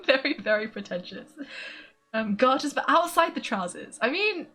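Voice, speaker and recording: A woman's voice: high-pitched, very animated, unhurried, sharp tone, soft background music. A young woman streamer chatting casually while she plays a game, laughing often. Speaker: gaming streamer.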